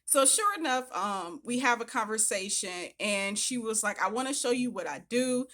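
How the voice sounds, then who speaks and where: Bright-voiced woman telling her story. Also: fairly high pitch, moderate pace. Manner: chatty, animated retelling with acted-out quotes. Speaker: vlogger. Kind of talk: casual storytelling to camera.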